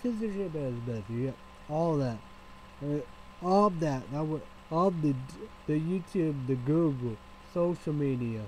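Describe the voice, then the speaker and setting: A man's voice: medium pitch, normal speed, a little mellow, slight background noise, rough recording. Rambling, cursing man vlogging. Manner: rambling, repetitive, with frequent swearing. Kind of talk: casual rambling vlog.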